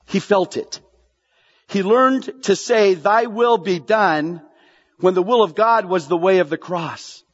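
Preaching slowly in a high voice, a male pastor animatedly repeats key phrases for emphasis and puts questions to the congregation. The sermon's audio is dull, with a long hall reverb.

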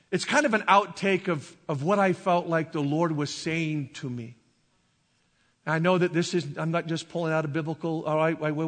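Pastor, male, high bright voice, halting and emotional testimony in a reverberant hall. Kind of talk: sermon testimony.

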